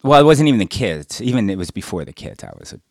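Blunt, low-voiced middle-aged man. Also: big pitch swings, fast, no room sound, studio quality. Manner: blunt, profane storytelling with loud acted-out quotes. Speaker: podcast co-host. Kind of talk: casual chat.

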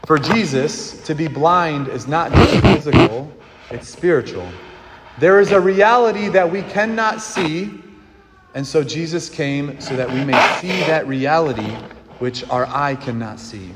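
A man preaches an earnest sermon as a priest, speaking at a measured pace in a slightly high voice with lively intonation. He puts questions to the congregation and leads them in a response. The recording carries a long hall reverb and noticeable background noise.

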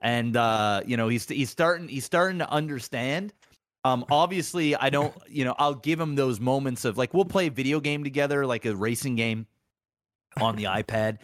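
A man's voice: mid-range voice, moderate pace, no echo, studio quality. Easygoing man in casual podcast chat. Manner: relaxed, easygoing, frequent fillers. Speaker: podcast co-host.

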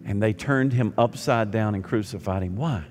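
A male pastor preaching a sermon, swinging from loud emphatic lines to soft, near-whispered ones. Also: on the low side, normal speed. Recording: long hall reverb with faint music.

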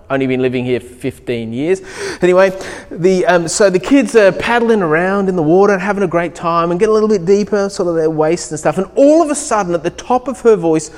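A middle-aged Australian man preaching a sermon, telling stories with animated acted-out dialogue. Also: on the high side. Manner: animated storytelling, acts out dialogue. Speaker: pastor. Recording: long hall reverb.

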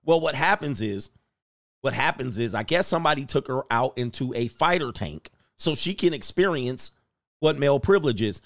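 A man's voice: medium pitch, animated, normal speed, no echo, clean studio sound. A man commentating on videos in a mocking, casual way, chuckling as he goes. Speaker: YouTube commentator.

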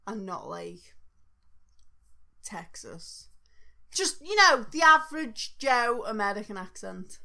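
Bright, giggly young woman co-hosting. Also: medium pitch, very animated, slow, creaky, pauses often. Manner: giggly, rambling, laughs often. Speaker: podcast co-host. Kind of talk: casual chat.

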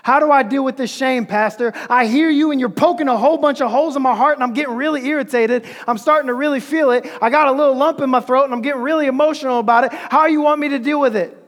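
A man's voice: extremely high pitch, fairly bright tone. A man preaching, voicing a churchgoer who is irritated and emotional, in an echoey hall. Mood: agitated. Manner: rushed and agitated.

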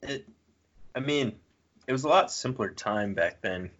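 A man's voice: mid-range voice, animated, a little slow, fairly bright tone, highs cut off. A man co-hosting a casual comedic chat, telling stories in a wry, dry way. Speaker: podcast co-host.

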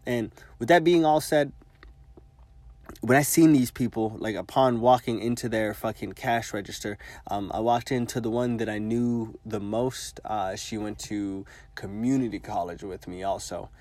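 Rambling, low-voiced young man telling a story. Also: fairly even intonation, normal speed, darkish tone, no room sound. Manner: rambling, profane, heavy use of filler words. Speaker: vlogger. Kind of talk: casual storytelling.

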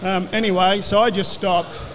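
A man's voice: high voice, flat delivery, normal speed, fairly bright tone, long reverb tail. An older man with an Australian accent, a former rugby league player telling rambling anecdotes as a guest and acting out the back-and-forth of old conversations. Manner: rambling storyteller who acts out quoted exchanges.

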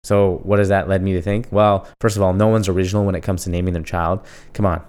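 A man hosting a casual solo podcast, asking himself questions and answering them in a jokey, animated way. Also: low-pitched, quick pace, clean tone. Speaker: podcast host.

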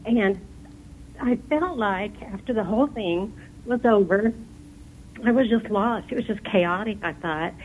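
A woman from Texas calling into a radio show, hesitant and halting, losing her voice. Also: medium pitch, narrow, tinny audio, slight background noise. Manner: hesitant, halting, many fillers. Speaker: caller.

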